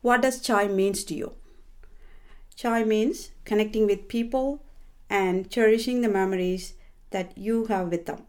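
Slow, earnest older woman. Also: mid-range voice, steady tone, darkish tone. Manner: slow, careful and earnest, with small grammar slips. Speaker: guest. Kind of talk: prepared personal reflection.

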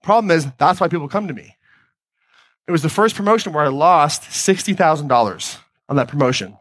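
A man's voice: on the high side, expressive, fairly quick, fairly bright tone, dry recording. A man giving a motivational talk on stage, speaking conversationally and putting questions to his audience. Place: stage before a live audience.

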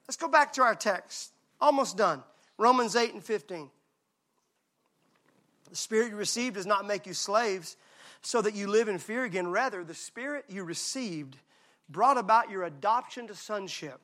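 A male pastor preaching a sermon. He swings from hushed, intimate lines to loud, shouted emphasis. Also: high voice, animated, moderate pace.

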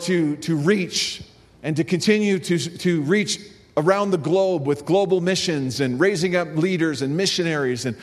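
A man pastor delivering a sermon, telling a story and then rising to fervent emphasis. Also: fairly high pitch. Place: church sanctuary. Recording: long reverb of a large hall.

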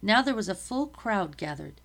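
A woman reading a novel aloud in a steady, measured storytelling voice. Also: medium pitch, creaky. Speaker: reader.

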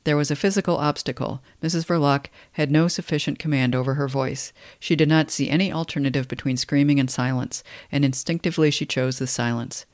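A man's voice: fairly high pitch, fairly even intonation, brisk, few pauses, dry recording, clean studio sound. Wry man commenting on a novel. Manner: wry, conversational commentary between read passages. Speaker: literary commentator.

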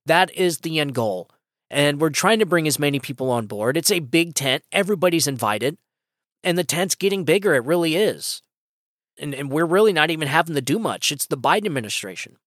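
A man's voice: fairly high pitch, lively intonation, fairly quick, a bit bright, dry recording. A man with a slightly raised voice delivers a solo political opinion monologue on his podcast. He talks with emphatic, impassioned drive and keeps restarting his sentences as he goes. The sound is dry and close on a podcast mic. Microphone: podcast microphone.

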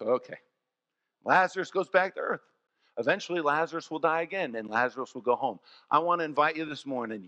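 A pastor preaching a sermon, telling stories in an animated way and swinging from soft, low passages to loud ones. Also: male voice, brisk. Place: church. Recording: long church reverb.

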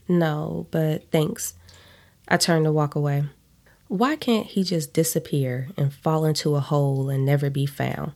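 A woman's voice: low-pitched, darkish tone. A woman reading a first-person story aloud in a blunt, profane way, stopping for side comments.

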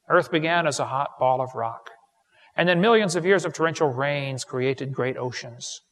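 A man giving a humorous seminar lecture, a folksy storyteller who builds his points to punchlines, recorded live in a large hall. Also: on the high side. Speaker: creationist seminar speaker.

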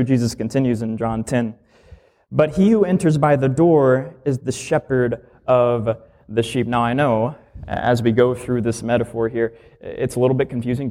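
A man's voice: medium pitch, mellow. A male minister giving a sermon in a conversational teaching style, explaining scripture plainly and asking the listeners questions.

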